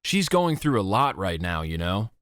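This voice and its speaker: A man's voice: sits low, very animated, normal speed, fairly bright tone, no room sound. A man voicing a blunt, pushy teenage boy in an audiobook, talking in a teasing way.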